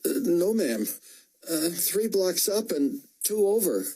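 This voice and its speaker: A man's voice: high voice, sing-song, slow pace, warm tone, breathy edge, pitched above the performer's own voice, heavily acted. A man voicing a flustered young male soldier who stammers and answers deferentially.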